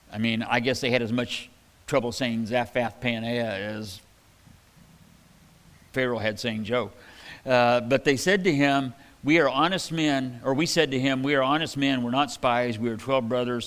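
Man, pastor, conversational sermon, scripture reading with asides, mid pitch, long hall reverb. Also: steady tone, moderate pace. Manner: conversational, reads scripture aloud and comments with asides.

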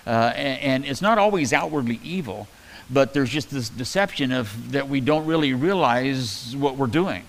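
A male pastor teaches a Bible passage in a relaxed, conversational sermon. He often stops, repeats himself and fills pauses, and his voice sits at an ordinary middle pitch. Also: low-quality recording. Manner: conversational, halting, many fillers and restarts.

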